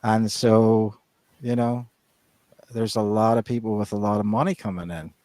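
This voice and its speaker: A man's voice: lowish voice, fairly even intonation, normal speed, darkish tone, dry recording. A man co-hosting a podcast in casual chat, rambling with many restarts and fillers. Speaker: podcast co-host.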